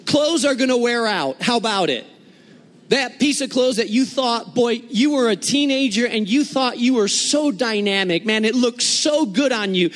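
A man preaching a sermon, explaining scripture and telling lively, humorous stories from his own life. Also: very high voice, normal speed, in a large hall. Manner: animated storytelling with humor. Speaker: pastor.

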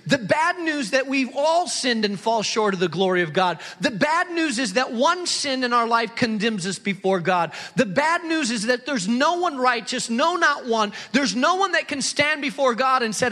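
Impassioned high-voiced male preacher. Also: pushed and bright. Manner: impassioned preaching, acting out excuses in quick bursts. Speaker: pastor. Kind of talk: sermon. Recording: large hall reverb.

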